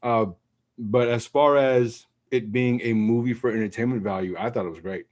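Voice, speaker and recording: A man hosting a casual podcast in a relaxed, easygoing way, leading the segments. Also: medium pitch, normal speed. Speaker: podcast host. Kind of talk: casual sneaker podcast chat.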